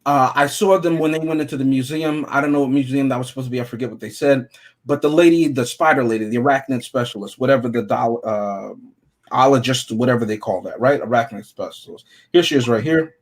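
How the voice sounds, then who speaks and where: A man's voice: medium pitch, fast. A man co-hosting a casual podcast chat, rambling and joking as he talks. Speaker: podcast co-host.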